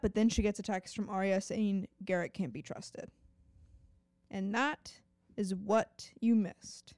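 A woman co-hosts a podcast and runs through a summary at a brisk clip, dropping wry asides as she goes. Her voice is smooth and clear. It sits dry and close to the mic. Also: mid-range voice, steady tone, darkish tone, dry recording. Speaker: podcast co-host. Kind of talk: casual recap of a TV episode.

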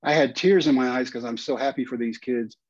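A man's voice: mid-range voice, a little fast, no room sound, muffled recording. A man in his fifties with a Texan accent, a guest telling a long story and acting out the lines people said. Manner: animated storyteller, acts out quoted lines. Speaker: guest, former pitcher and coach. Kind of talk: storytelling in a podcast interview.

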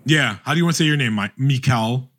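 A man hosting a podcast, talking animatedly in a casual roundtable chat with many quick restarts. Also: mid-range voice, a bit bright. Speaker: podcast host.

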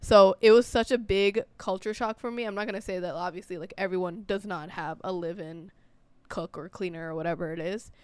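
A young adult woman from the United States with an American accent, co-hosting a casual chat in a quick, chatty way and laughing often. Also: lowish voice, fairly even intonation, clean tone, dry recording. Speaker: podcast co-host.

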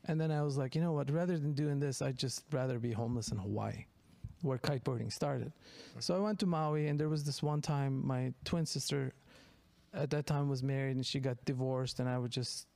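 A man's voice: medium pitch, a little fast, vocal fry, a little mellow, no room sound. A man from Turkey with a Turkish accent, a stand-up comedian telling stories in a casual interview, rambling, laughing often and restarting his sentences.

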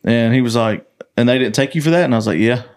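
A man's voice: mid-range voice, fast talker. A young man hosting a casual podcast, telling stories with lots of swearing and acting out the people he quotes. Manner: animated, swearing, acts out quoted voices. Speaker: podcast host, country singer. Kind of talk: casual storytelling chat.

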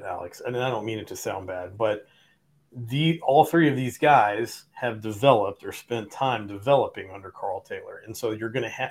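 A man co-hosting a sports podcast in casual chat, jumping in with quick playful reactions. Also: fairly low pitch. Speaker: podcast co-host.

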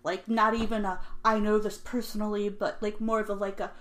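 A woman's voice: medium pitch, little pitch movement, fairly quick. A young woman hosting a casual true-crime podcast, talking in a rambling, nervous, self-deprecating way. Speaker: podcast host. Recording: echoey room.

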